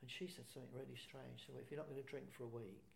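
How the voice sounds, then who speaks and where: A man's voice: mid-range voice, steady tone, fast talker, gravelly, roomy sound, slight background noise. An older man from England frankly telling his own story, self-deprecating and plain-spoken. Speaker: speaker sharing recovery story. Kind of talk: personal testimony talk.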